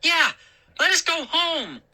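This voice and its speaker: A woman's voice: high-pitched, animated, measured pace, pitched above the performer's own voice, full character voice. Panicked storybook kids, a woman voicing them. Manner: panicked shouting. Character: frightened kids, narrator and friends.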